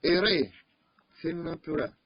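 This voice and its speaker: Husky man teaching slowly with repetition. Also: fairly high pitch, dry recording. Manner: slow, repeats each word several times. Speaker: French teacher. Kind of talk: online language lesson. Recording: dull lo-fi recording.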